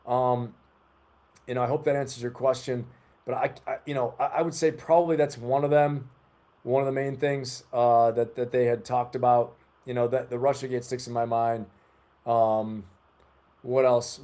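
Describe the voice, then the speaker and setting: A man's voice: mid-range voice, dark tone. A man in his forties hosting a live stream, chatting loosely and rambling as he talks to his viewers. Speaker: livestream host. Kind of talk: casual live-stream chat.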